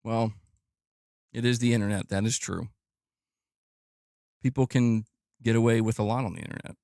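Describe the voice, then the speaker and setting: A man's voice: steady tone, normal speed, vocal fry, mellow, no room sound, studio quality. Exasperated man ranting on a stream. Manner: exasperated, repetitive, profane, rising pitch when worked up. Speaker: gaming channel host. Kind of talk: livestream rant reading chat.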